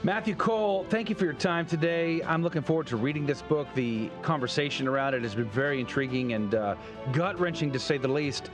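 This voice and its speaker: Upbeat radio host over music. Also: male voice, a little high, brisk. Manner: upbeat, promotional. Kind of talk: show sign-off.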